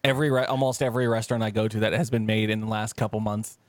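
A man co-hosting a casual podcast chat, rambling and swearing, his pitch jumping high when he quotes himself. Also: steady tone, very fast, no echo. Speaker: podcast co-host.

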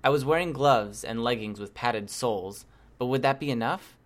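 A man narrating a first-person novel chapter in a steady, measured reading voice. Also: mid-range voice. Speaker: audiobook reader.

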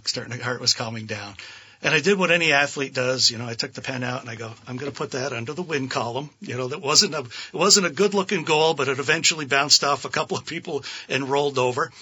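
Bright, raspy-voiced man telling a story. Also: mid-range voice, fast, highs cut off. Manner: animated, laughs often, acts out quotes. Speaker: guest. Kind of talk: storytelling interview.

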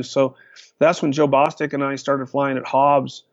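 A male guest with a mid-range voice and flat delivery tells long, casual stories without hurrying, rambling with many fillers and restarted sentences. There's no room sound, and the audio is dull and lo-fi.

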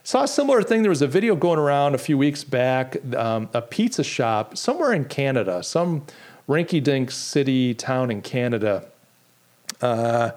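A middle-aged American man hosts his own podcast and talks in an easy, unscripted way. He answers his chat and then works himself up while he retells a story, stumbling over restarts. His pitch sits in the middle for a man. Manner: animated, indignant storytelling with lots of restarts. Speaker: podcast host. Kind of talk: casual solo podcast talk, reading chat comments.

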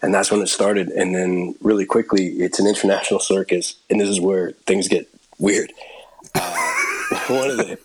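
A man's voice: sits low, wildly swooping pitch, normal speed, breathy edge, poor audio. A middle-aged actor telling a long anecdote in a casual interview, laughing and restarting as he goes. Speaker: actor and guest.

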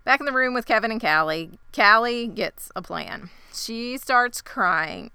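A woman's bright, crisp voice, recorded close and dry, recaps a TV episode. She chats loosely and reacts quickly to her co-host. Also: mid-range voice, expressive, no echo. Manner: chatty, quick reactions, laughs along. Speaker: podcast co-host. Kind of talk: casual episode recap chat.

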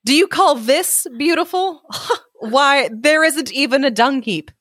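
A woman's voice: high-pitched, animated, a little slow, a bit bright, dry recording, clean studio sound, pitched above the performer's own voice. A woman reading aloud and voicing a haughty male stag beetle who takes offense at everything, in a pompous, huffy manner. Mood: indignant.

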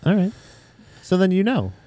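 Lively joking man, dry close sound. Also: sits high, normal speed, dry recording. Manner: joking, animated, puts on silly accents. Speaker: podcast co-host. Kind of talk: casual chat.

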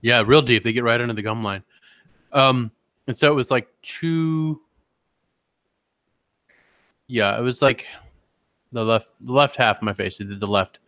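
A man's voice: medium pitch, a little slow, pauses often, sharp tone, no room sound, studio quality. A man co-hosting a podcast, telling rambling, profane stories in casual chat. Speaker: podcast co-host.

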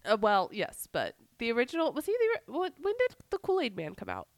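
Woman, raspy from a cold, podcast co-host, animated pitch, dry mic. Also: fast, no room sound. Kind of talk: casual chat.

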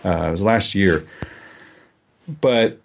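A man's voice: low-pitched, takes it slowly. A man co-hosting a casual political podcast, rambling with frequent fillers and restarts. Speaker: podcast co-host. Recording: dull lo-fi podcast audio.

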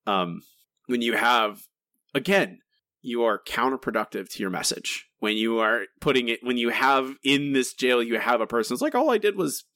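A man's voice: mid-range voice, normal speed, pushed and bright, dry recording, clean studio sound. A man co-hosting a podcast, ranting in exasperated casual chat with many restarts and asides. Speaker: podcast co-host.

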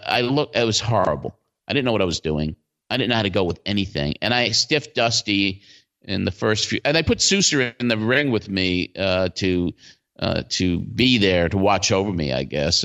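A man in his sixties, a guest in an interview, telling stories in a lively way with many fillers and restarts. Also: fairly low pitch. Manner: animated storyteller, full of fillers and restarts. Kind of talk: casual storytelling interview. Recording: dull lo-fi sound.

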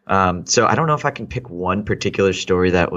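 A man's voice: sits low, lively intonation, fast, a bit bright, lo-fi sound. A man in his thirties from Texas, a guest in a casual interview, reflecting aloud with many fillers and restarts. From Texas, United States.

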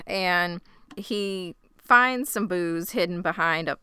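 A woman casually recapping a TV episode on a podcast, animated and joking as she acts out lines. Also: lowish voice, slow pace, smooth, dry recording, clean studio sound. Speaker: podcast co-host recapping a TV show. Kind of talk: casual chat.

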